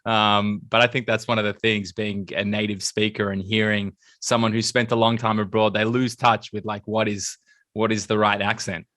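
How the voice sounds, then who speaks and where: A man's voice: on the low side, level tone, moderate pace, a bit bright, no echo, clean studio sound. A man with an Australian accent hosting a business podcast, chatty and upbeat, often calling his guest mate. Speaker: podcast host. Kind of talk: podcast interview. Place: lives in Israel.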